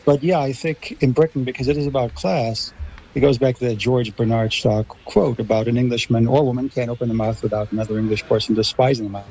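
American man, measured radio talk. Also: medium pitch, fairly even intonation, mellow, slight background noise, poor audio. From Los Angeles, USA. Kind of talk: radio discussion.

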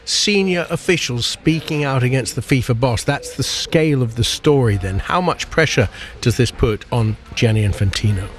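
A man presenting a news program in a brisk, conversational way. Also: mid-range voice, expressive, slight background noise.

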